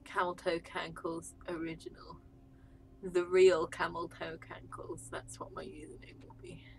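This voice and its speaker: A woman co-hosting a live drawing stream, chatting casually and teasing with playful deadpan jokes. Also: lowish voice, a little slow, creaky, slight background noise. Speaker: stream co-host.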